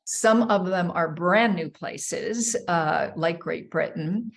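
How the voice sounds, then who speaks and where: A woman's voice: lowish voice, takes it slowly, gravelly. A woman guest on a wine podcast, talking thoughtfully with many fillers and restarts. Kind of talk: casual podcast interview.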